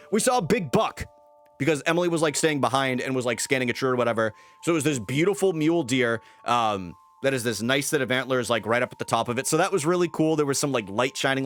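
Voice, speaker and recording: Chatty young man streaming, soft music behind. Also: mid-range voice, fast talker. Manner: chatty, greets chat, rambling with fillers. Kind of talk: casual live-stream chat.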